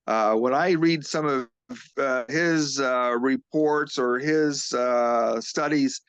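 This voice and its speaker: A physical therapist appears as an interview guest, earnestly retelling a witness's account while halting and restarting often. His mid-range voice is clean, with no room sound.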